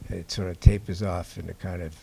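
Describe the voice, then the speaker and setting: An older man from Boston, a documentary filmmaker telling stories to an audience in a halting, unhurried way. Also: low-pitched, flat delivery, gravelly, darkish tone, a little hiss or hum. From Boston, USA. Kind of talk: anecdotal talk to an audience. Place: indoor screening before an audience.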